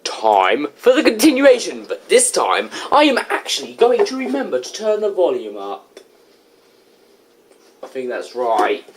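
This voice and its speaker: A man's voice: fairly high pitch, wildly swooping pitch, unhurried, slight background noise. A young man mocking and teasing a reviewer while reacting to his video. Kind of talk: casual reaction commentary.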